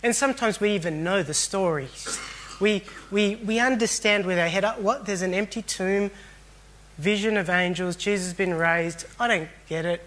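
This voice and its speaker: A man's voice: sits high, normal speed, fairly bright tone, slight background noise. A man preaching a sermon in an earnest, reflective way, often repeating phrases for emphasis.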